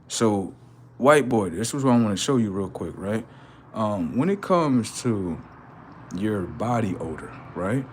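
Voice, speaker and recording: A man's voice: lowish voice, a little hiss or hum. A man hosting a livestream, preaching in a confrontational way with rhetorical questions and street slang. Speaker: livestream host.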